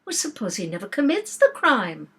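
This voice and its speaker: A woman's voice: medium pitch, sing-song, normal speed, bright, forceful tone, husky, full character voice. A woman reading aloud and voicing a polite, earnest, puzzled young girl.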